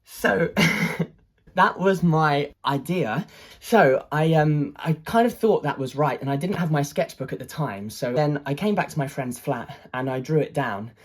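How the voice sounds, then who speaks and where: An artist tells a personal tale in a raspy, breathy voice. The delivery is hesitant, peppered with "um" and false starts, yet animated. The pitch sits in an ordinary middle range. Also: a little slow. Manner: hesitant, many restarts and fillers; excited, animated retelling. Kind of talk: personal storytelling to camera.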